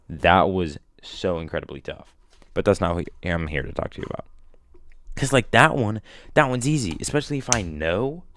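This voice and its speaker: A young male vlogger with a low voice rambles casually to a listener in slangy language, breaking into animated outbursts now and then. There is a slight background noise.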